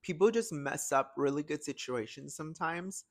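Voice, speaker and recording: A man's voice: on the high side, moderate pace, no room sound. A young man hosting a podcast alone, chatting casually and emotionally, with many fillers. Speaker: podcast host. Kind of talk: casual solo chat.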